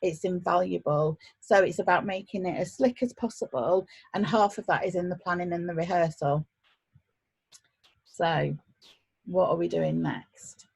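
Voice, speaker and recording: A woman's voice: on the low side, moderate pace, gravelly, darkish tone, slightly rough. A woman from an events agency, hosting a businesslike, friendly chat on a video call.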